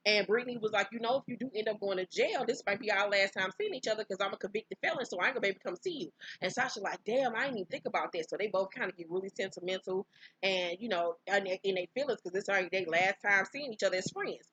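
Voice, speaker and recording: A woman recapping a reality show in casual, profane storytelling, bursting into high, loud exclamations. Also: quick pace, slightly rough, no echo. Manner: profane, brash, outspoken commentary; breaks into high-pitched exclamations.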